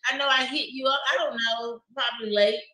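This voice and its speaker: A woman's voice: fairly high pitch, fairly even intonation, brisk, bright, forceful tone. An upbeat, enthusiastic woman hosting a group call and introducing speakers. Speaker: host.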